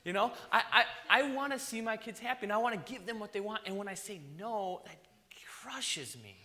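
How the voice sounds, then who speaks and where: A man who is a father, preaching a sermon, swinging between loud emphasis and soft near-whispers. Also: sits high, expressive, a little fast, long reverb tail. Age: young adult to middle-aged, a father.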